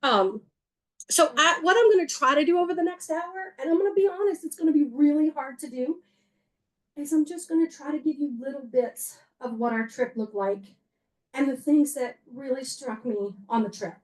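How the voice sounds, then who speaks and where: A woman's voice: sits high, moderate pace. A woman giving a slideshow talk to an audience, conversational and earnest, with wry humor and frequent fillers and self-corrections. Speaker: museum executive director giving a talk.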